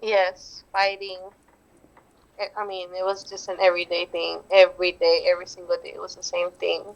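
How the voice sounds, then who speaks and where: A woman's voice: on the low side, completely flat delivery, normal speed, low-quality recording. A woman guest in an interview, answering casually and hesitantly, often restarting and repeating herself.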